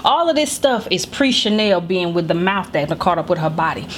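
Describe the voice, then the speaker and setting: This middle-aged woman hosts a podcast and tells a funny story with blunt emphasis and plenty of swearing, using a studio microphone. Her voice runs on the low side, animated and fairly quick, over slight background noise.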